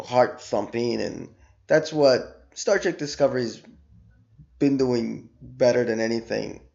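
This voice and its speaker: Man, gravelly and a bit hoarse, emphatic casual reviewer, dull lo-fi recording. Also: medium pitch. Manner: animated, emphatic, repeats words for stress. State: losing his voice after illness. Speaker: show reviewer.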